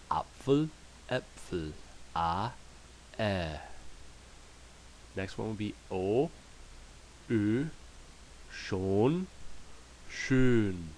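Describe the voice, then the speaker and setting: A man's voice: deep voice, a little hiss or hum. A man teaching German pronunciation in a screen-share lesson, patiently repeating each word for practice.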